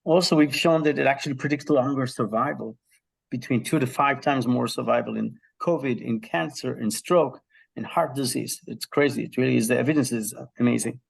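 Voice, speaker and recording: A man's voice: medium pitch, a little fast, gravelly, breathy edge. A man from Israel, a health psychology professor, telling stories as a guest in a conversational interview, with frequent ums and restarts.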